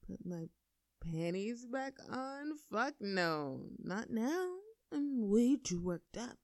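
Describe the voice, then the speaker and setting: A woman's voice: a little high, darkish tone, dry recording, studio quality, full character voice. A woman voicing a bold, crude and taunting young woman in an audio role-play. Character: bold teasing young woman, sister's friend.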